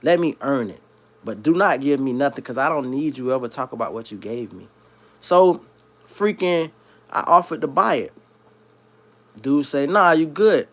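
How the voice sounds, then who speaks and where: A man from South Florida who hosts a livestream, telling a long story in a slangy, rambling, animated way. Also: mid-range voice, moderate pace, long pauses. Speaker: livestream host. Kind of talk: casual storytelling.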